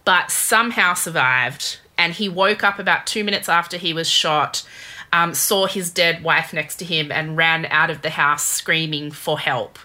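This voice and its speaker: A woman casually telling a true crime story to her co-host, chatty and animated, with lots of fillers. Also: deep voice, unhurried.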